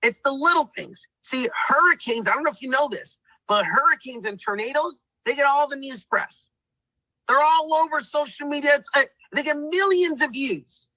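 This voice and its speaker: A man's voice: extremely high pitch, expressive, moderate pace, pushed and bright, no echo, poor audio. A man giving an emphatic motivational pep talk, repeating himself and calling the viewers guys. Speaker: testimonial speaker.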